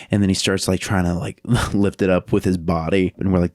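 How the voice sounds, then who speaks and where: A man telling a story in casual podcast chat, animated, laughing often and acting out what people said. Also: low voice, a little fast, hardly any pauses, no room sound, studio quality. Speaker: podcast guest.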